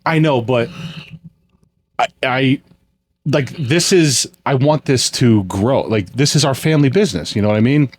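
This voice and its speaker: A man's voice: mid-range voice, moderate pace. A man in his forties, co-hosting a casual chat, talking candidly and reflectively about himself. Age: 40s. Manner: candid, self-deprecating and reflective. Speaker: podcast co-host running the family business.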